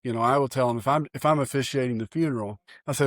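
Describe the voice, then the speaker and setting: A man, a pastor co-hosting a podcast, talking in an earnest, folksy, animated way with frequent restarts. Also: mid-range voice, racing, few pauses, no room sound, studio quality. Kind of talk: casual chat.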